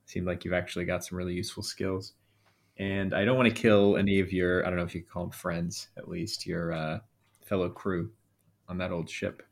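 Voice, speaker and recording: A man's voice: low-pitched, flat delivery, brisk, gravelly. A man playing a tabletop game who talks earnestly and hesitantly, with many fillers. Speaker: player. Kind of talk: in-character casual talk.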